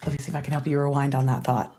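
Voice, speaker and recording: A woman co-host with a notably low voice chats casually on a live stream and passes along viewer comments. She is playful and self-mocking, with a hint of stage flair. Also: level tone, fast, a little mellow. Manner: playful, self-deprecating, a touch theatrical. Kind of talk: casual chat.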